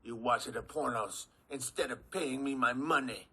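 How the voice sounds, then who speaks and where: A man voicing an aggressive male cartel boss in a cartoon, speaking broken English with a Mexican Spanish accent in a dramatic, forceful way. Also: medium pitch, normal speed, slightly rough. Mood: threatening.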